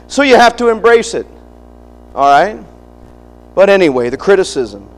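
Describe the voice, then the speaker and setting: A man's voice: high-pitched, sing-song, unhurried, big-room sound, low-quality recording. A middle-aged man preaching a sermon, emphatic and preacherly, often restarting phrases and breaking into asides.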